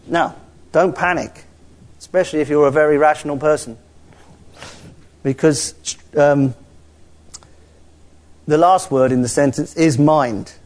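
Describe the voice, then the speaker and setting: A man preaching a sermon, swinging between quiet asides and rising exclamations. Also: on the high side.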